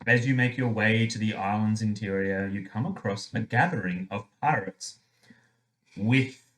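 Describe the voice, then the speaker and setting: A man's voice: on the low side, normal speed, fairly bright tone. A man playing a tabletop game, reading game text aloud in a playful way.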